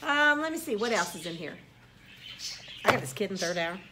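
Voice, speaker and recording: A middle-aged woman, a teacher, chatting casually into the camera and telling stories about her students with animated quoted voices. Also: mid-range voice, brisk, noisy background. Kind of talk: casual vlog monologue.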